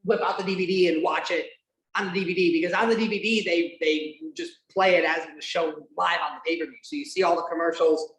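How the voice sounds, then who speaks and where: A woman's voice: lowish voice, steady tone, quick pace. A woman hosting a casual podcast, rambling with many fillers and restarts and casual swearing. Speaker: podcast host. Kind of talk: casual chat, watch-along podcast. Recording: roomy echo.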